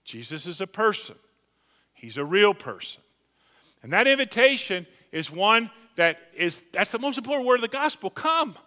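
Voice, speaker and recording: A man preaching a sermon emphatically, rising to loud calls and dropping to hushed asides. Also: sits high, very animated, normal speed. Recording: long hall reverb.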